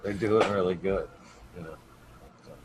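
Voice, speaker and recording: A man's voice: sits low, steady tone, moderate pace, background noise. A man hosting a casual livestream podcast, laid-back and swearing freely as he talks to his chat. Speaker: podcast host.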